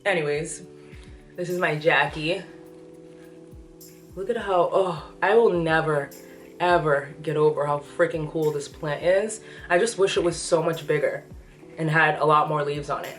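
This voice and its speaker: A woman's voice: deep voice, fairly bright tone. Breathless, chatty pregnant woman vlogging. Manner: chatty, enthusiastic, gushing. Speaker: plant vlogger. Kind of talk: casual plant update vlog. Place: apartment room with plants, indoors. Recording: echoey room, voice from a distance, faint music.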